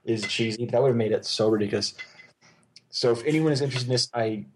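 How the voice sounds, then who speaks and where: A man talking casually about movies, excited and rambling, with lots of "like" and "um". His voice sits at an ordinary pitch. Faint background hiss and clicks run under the recording. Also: fast. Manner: rambling, enthusiastic, many fillers and restarts. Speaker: podcast co-host.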